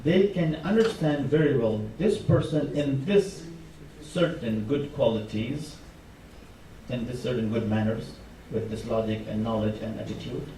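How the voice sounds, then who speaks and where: A man with a voice preaches a sermon in a mosque hall, stacking up repeated phrases with rising force. His tone is dark and mellow, and he is picked up from some distance in a roomy, echoing space with faint ambient noise. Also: medium pitch, measured pace. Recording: echoey hall, mic from far off.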